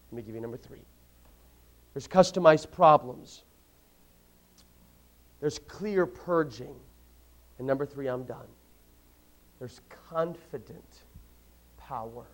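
A man preaching a sermon, moving from hushed, intense passages to loud, emphatic ones and repeating phrases for emphasis. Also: extremely high pitch, low-quality recording.

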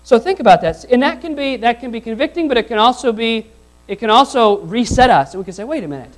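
A man's voice: extremely high pitch, expressive, fast, rough recording. A male pastor preaching a sermon in a conversational way, asking the congregation questions and repeating his phrases.

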